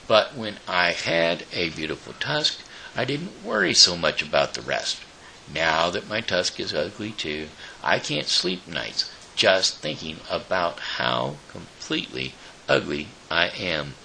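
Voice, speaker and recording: A man voicing an old, self-pitying male rhinoceros in a storybook read-aloud, gruff and sorrowful. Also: deep voice, very animated, unhurried, pushed and bright, a little hiss or hum, exaggerated voice, poor audio.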